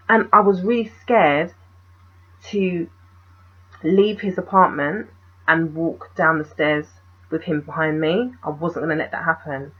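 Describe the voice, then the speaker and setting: A woman telling a personal story in a vlog, animated and full of rhetorical questions. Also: sits low, a little slow, slightly rough, muffled recording. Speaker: vlogger.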